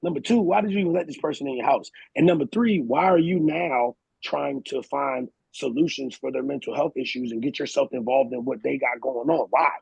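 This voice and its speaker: A man hosting a casual podcast talk, animated and slangy, telling stories and acting out what others said. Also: medium pitch, a little fast, gravelly, hardly any pauses, husky, no echo, rough recording. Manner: animated, slangy, storytelling with quoted voices. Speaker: podcast host. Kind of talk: casual chat.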